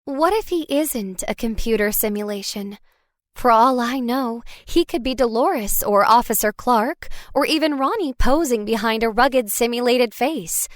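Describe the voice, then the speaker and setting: Woman narrating with an expressive, wry tone. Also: a little high, a little slow, dry recording, clean studio sound. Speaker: audiobook narrator. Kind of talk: scripted first-person narration.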